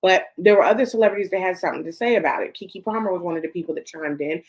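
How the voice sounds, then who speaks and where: A woman's voice: lowish voice, racing. A woman hosting a celebrity gossip show, ranting bluntly and profanely, talking straight to the people she discusses. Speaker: host.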